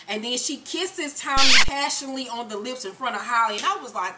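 A woman hosting a casual TV episode recap, telling the story with profanity and acting out the characters' lines in an animated way. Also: a little high, quick pace, few pauses, noisy background. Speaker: show recap host.

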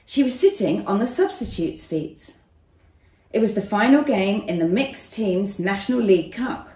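A woman author reading her children's story aloud in an expressive storytelling manner. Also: mid-range voice. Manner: expressive storytelling, slow and clear. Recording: roomy echo.

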